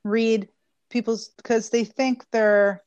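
A woman in a relaxed conversation listens closely and supports her friend. She chimes in with short agreeing comments and sometimes gives her own view. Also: fairly high pitch, takes it slowly, highs cut off. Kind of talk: casual conversation.

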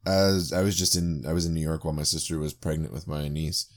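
A man's voice: extremely low pitch, steady tone, fast. A man hosting a casual movie commentary podcast, reading out credits and bantering with friends, swearing freely. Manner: laid-back, swears freely, reads credits aloud. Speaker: podcast host.

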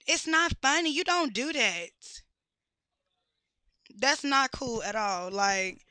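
A woman's voice: high voice, lively intonation, takes it slowly, pushed and bright, smooth, no room sound. A woman ranting bluntly with heavy cursing and exasperated rhetorical questions. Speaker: podcast host. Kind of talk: profane rant.

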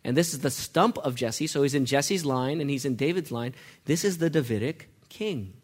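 A man's voice: medium pitch, lively intonation, normal speed. A man preaching a sermon, asking the congregation questions as he goes and letting them call out the answers. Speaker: pastor.

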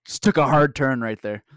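A man talks in a loose, rambling way, joking and swearing as he goes. His voice sits at a middle pitch. The sound is dry and close, with no room behind it. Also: smooth, dry recording. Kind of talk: casual chat.

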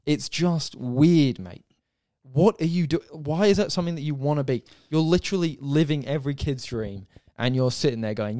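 A man's voice: on the high side, moderate pace, mellow, dry recording, clean studio sound. A man co-hosting a sports podcast, ranting and swearing with exasperation. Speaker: podcast co-host. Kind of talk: casual sports podcast chat.

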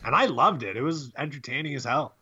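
Young dude podcast cohost, bright kinda dull lo-fi sound, rambly, laughs a lot, swears. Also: male voice, mid-range voice, expressive, quick pace, slightly rough. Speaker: podcast co-host. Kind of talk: casual chat.

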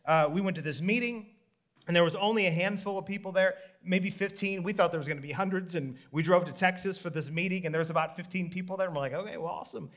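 Man, preacher, high pitch, animated sermon storytelling. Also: fast. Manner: animated storytelling, acts out the people in the story in higher voices, laughs.

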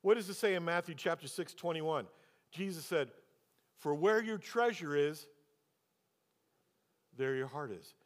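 A man's voice: a little high, animated, a little slow, pauses often. A man preaching as a pastor, telling a personal story and then pressing the congregation with rhetorical questions. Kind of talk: sermon. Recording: long hall reverb.

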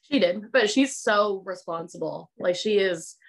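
Young woman guest, laid-back and chatty, mid-pitched voice, heavy on fillers. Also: animated, measured pace. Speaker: podcast guest. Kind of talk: casual chat.

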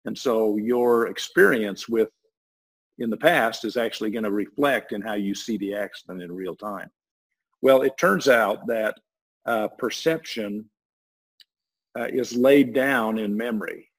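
A guest explains a voice technology in casual, rambling talk, often restarting his sentences as he works through the idea. His voice is on the low side, husky and unhurried. The recording is rough.

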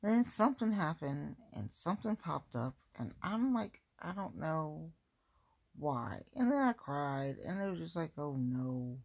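A woman's voice: deep voice, very animated, a little slow, vocal fry, a little mellow, breathy edge. A woman from the Cincinnati area chatting casually in a rambling, self-mocking vlog at home, firing off exasperated rhetorical questions. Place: at home, going through belongings.

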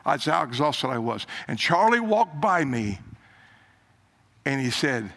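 An older man preaching a sermon, telling a story with emphatic rises and hushed low quotes. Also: unhurried, vocal fry. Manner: animated, emphatic, drops low for quoted lines.

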